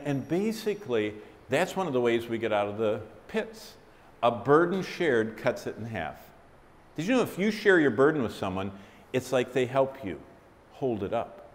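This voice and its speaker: A man preaching a sermon, swinging between loud declarations and hushed, slow asides. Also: medium pitch. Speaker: pastor. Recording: long hall reverb.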